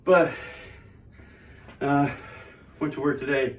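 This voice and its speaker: A man hosts his own channel from a home studio, chatting and rambling in a self-mocking way while out of breath from exercise. His mid-range voice is slow with fairly even intonation, and he sits far from the mic in an echoey room with a little hiss or hum.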